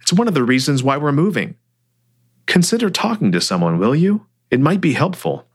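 A calm male client and mentor, measured and firm, with a voice that still moves a lot in pitch, as a man reads him. He delivers hard news gently in a storybook reading. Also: husky. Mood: firm, concerned.

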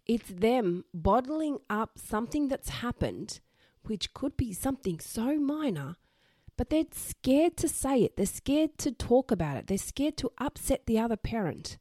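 A woman's voice: on the high side, sing-song, unhurried, mellow, no room sound, clean studio sound. A woman, hosting a solo parenting advice podcast in a frank, direct way. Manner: direct, frank, swears casually. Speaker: podcast host.

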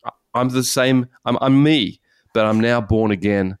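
A man, a pastor, giving an earnest, animated personal testimony in conversation. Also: mid-range voice, normal speed, clear, resonant tone, no echo, studio quality. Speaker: pastor and guest speaker.

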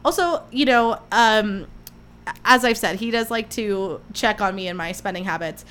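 A young podcast host speaks at normal speed in a mid-range voice that's a bit bright, clear, and resonant. On her casual solo show she tells chatty, gushing stories, acting out people's quotes.

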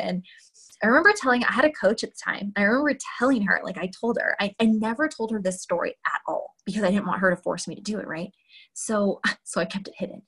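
A woman's voice: medium pitch, a bit bright, breathy edge. A woman in her thirties, a guest telling a candid personal story in a chatty way, full of "like" and "you know". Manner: chatty, frequent "like" and "you know", quick asides.

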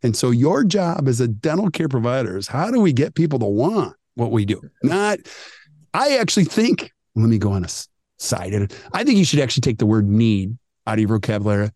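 A man coaching dental teams on a podcast, emphatic and animated, acting out what customers say. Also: mid-range voice, brisk, dry recording, clean studio sound. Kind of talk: energetic podcast talk.

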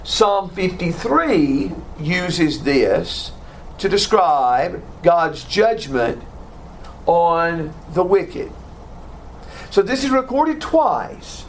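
A man with a high voice leads a Bible lesson at an unhurried pace. He reads scripture carefully, compares verses and asks the class questions. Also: big pitch swings, slight background noise. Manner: slow, deliberate reading of scripture with questions to the class. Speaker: Bible teacher.

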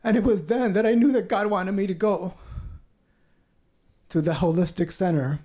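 Man, podcast guest, heartfelt testimony, very deep mellow tone, slightly high pitch. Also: normal speed. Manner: earnest, heartfelt storytelling; acts out what others said. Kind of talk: personal testimony.

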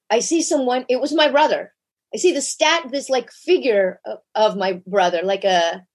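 A woman guest in an interview, telling a personal story candidly and animatedly, acting out quoted lines. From United States. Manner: animated, shifts pitch sharply when acting out quotes. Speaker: podcast guest.

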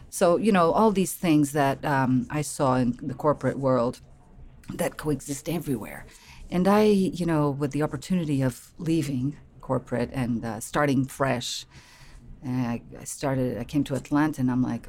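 A middle-aged woman from Portugal speaks with a Portuguese accent in a low, deep register. She is a life coach being interviewed, telling her story with lively, acted-out inner thoughts. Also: normal speed, slight background noise. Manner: animated storytelling, acts out her own past thoughts. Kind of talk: conversational interview.

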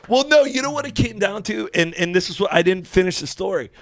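A man's voice: high voice, lively intonation, quick pace, a little hiss or hum. A young man telling a long story in casual chat, cursing freely and restarting his sentences. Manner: profane, rambling storytelling with restarts. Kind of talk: casual chat among friends.

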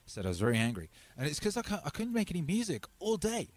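A man's voice: on the high side, fast talker, no echo. Rambling man hosting a live stream. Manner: rambling, animated, addresses viewers as brothers and sisters. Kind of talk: casual live-stream chat.

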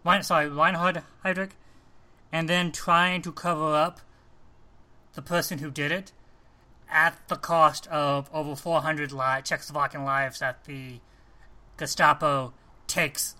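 A man co-hosting a casual talk show about films, animated and often restarting his sentences. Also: fairly high pitch, measured pace, long pauses. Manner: animated, restarts often, acts out quoted lines. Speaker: podcast co-host. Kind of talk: casual film discussion.

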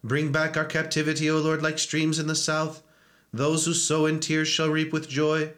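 A man intones psalms and liturgical chant in a church service. His voice sits fairly high for a man and stays almost completely flat in pitch, with the steady rhythm of liturgical recitation. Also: moderate pace.

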